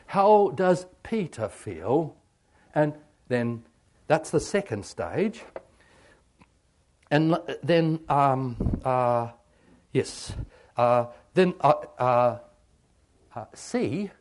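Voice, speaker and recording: A man preaching a sermon on meditation, halting with many ums and asking rhetorical questions. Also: on the high side, big pitch swings. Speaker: pastor.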